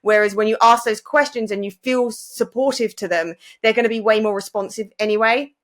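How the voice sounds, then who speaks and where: A woman's voice: on the high side, brisk. A woman who hosts a parenting podcast, talking in a reflective, affirming way. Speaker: podcast host. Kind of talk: casual podcast conversation.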